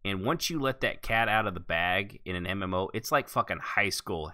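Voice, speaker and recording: Low, sharp-toned male podcast host. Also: animated, moderate pace, hardly any pauses, no room sound, studio quality. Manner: rambling and candid, swears casually. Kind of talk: casual roleplay podcast chat.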